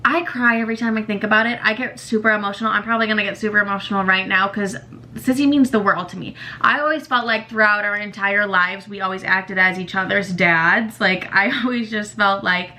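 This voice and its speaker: A woman's voice: medium pitch, steady tone, a little fast, pushed and bright. A young woman hosting a podcast, talking bluntly and emotionally about her family and swearing freely. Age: young adult. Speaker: podcast host. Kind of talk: candid personal monologue.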